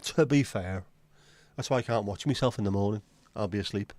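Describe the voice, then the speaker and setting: A man's voice: on the low side, brisk, darkish tone, no echo. A man hosting a casual livestream, chatting to viewers with crude, self-mocking jokes. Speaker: livestream host.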